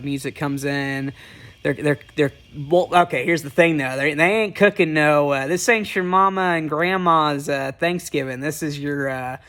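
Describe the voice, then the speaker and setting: A man's voice: on the high side, a bit bright. A man casually recapping a cartoon special, rambling and cursing freely. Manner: rambling, profane, lots of fillers and restarts. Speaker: movie reviewer.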